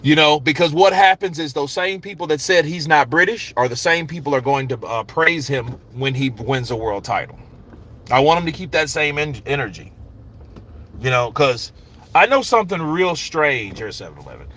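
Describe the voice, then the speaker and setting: Bright-voiced man chatting on a live stream. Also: a little high, animated, normal speed. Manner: loose, rambling, greets chat viewers by name. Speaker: boxing channel host. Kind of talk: casual live-stream chat.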